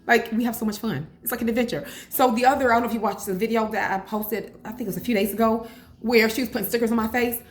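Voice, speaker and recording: A woman in her forties, a cooking vlogger chatting casually at home with rambling, animated asides. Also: on the high side, fast talker. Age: 40s. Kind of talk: casual cooking vlog chat. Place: home kitchen. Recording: echoey kitchen, faint room noise.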